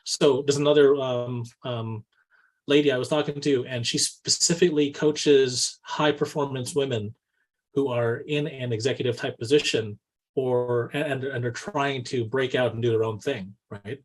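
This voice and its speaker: A man with a slightly husky voice co-hosts a relaxed business podcast. He talks in a lively, coaching way, leaning on a constant "right?" and jumping into quick acted-out exchanges to make his points. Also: medium pitch. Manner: animated, says "right?" constantly, acts out quoted dialogue. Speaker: co-host. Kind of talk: casual business podcast chat.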